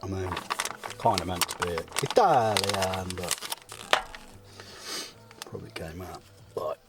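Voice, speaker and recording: A man talks slowly in a lowish voice as he cooks pasta outdoors, making fun of himself and wandering off topic. Music plays clearly under his voice. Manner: self-mocking, rambling, swears lightly. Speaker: vlogger. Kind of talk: casual talk while cooking. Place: forest campsite by a car, outdoors.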